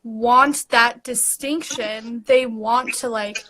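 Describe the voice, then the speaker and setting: A woman chatting casually on a live-stream video call, talking in a slow, drawn-out way. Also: a little high, fairly even intonation, fairly bright tone, a little hiss or hum, low-quality recording.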